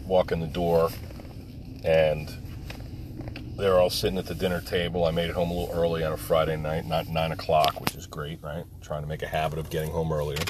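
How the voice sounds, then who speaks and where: A man with an extremely deep, low voice talks through a casual personal monologue, rambling and frank, with swearing dropped in freely. He sounds middle-aged, speaking as a father. A faint hum of vehicle noise sits behind him. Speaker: vlogger, father.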